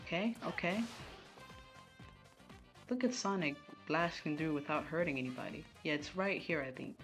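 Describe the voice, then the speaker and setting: A low-pitched woman streams a game from a room at home. She chats casually and keeps talking to her viewers as she plays. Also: expressive, normal speed, soft background music. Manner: chatty, talking to chat while playing.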